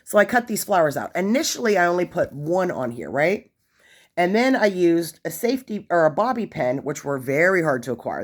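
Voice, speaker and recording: Lively, low-voiced woman telling a story. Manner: chatty, animated, lots of fillers and asides. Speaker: vlogger sharing prison experiences. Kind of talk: casual storytelling.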